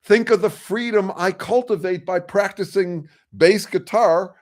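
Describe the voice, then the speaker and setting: A man's voice: sits high, a little slow. An older man hosting a casual discussion, talking frankly and rambling, with restarts and some swearing. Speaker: host. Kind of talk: casual discussion on a video call.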